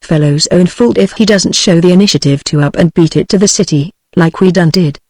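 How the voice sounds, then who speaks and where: A British-accented text-to-speech woman voicing a boastful middle-aged male businessman in a novel, delivered flatly. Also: lowish voice, a little fast, no room sound, lightly acted. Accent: British English. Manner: flat synthetic delivery of dialogue.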